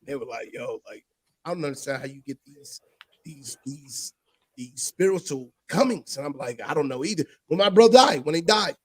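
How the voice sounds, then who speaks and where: Animated man telling a dream story. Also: a little high, normal speed, no echo. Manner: animated, acts out voices in his story, drops to a near whisper for emotional parts. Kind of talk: casual storytelling.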